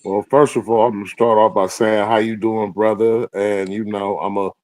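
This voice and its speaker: A man talking casually about football on a talk show, laid-back and soft-spoken, a little hurt. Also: lowish voice, level tone, moderate pace, no echo, poor audio. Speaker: show co-host.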